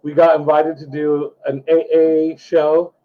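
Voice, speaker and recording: An easygoing male comedian chats as a guest, laughing along. His voice is high. The audio is dull and lo-fi. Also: level tone, a little slow. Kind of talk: casual chat.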